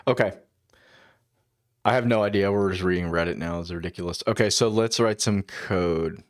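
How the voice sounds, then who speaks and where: A man's voice: sits low, normal speed. A man streaming his coding work, thinking aloud in a casual, musing way, often muttering half-finished asides to himself. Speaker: developer livestreaming his coding.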